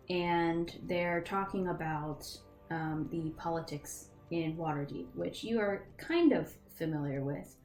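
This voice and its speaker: A woman's voice: lowish voice, darkish tone, roomy sound. A young woman narrating a tabletop game as game master, casual and full of ums and restarts.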